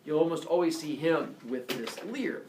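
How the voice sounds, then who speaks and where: Recorded from far off in a roomy classroom with background noise, a male teacher tells myths to his class, animatedly acting out the characters. His voice is fairly high pitched, and he speaks at a normal speed.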